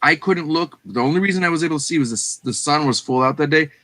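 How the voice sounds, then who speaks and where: A middle-aged man with a Texan accent, casually telling a reselling story on a show, animated and acting out the people he quotes. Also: a little high, fast, no echo. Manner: animated, acts out quoted voices, swears casually. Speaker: guest reseller.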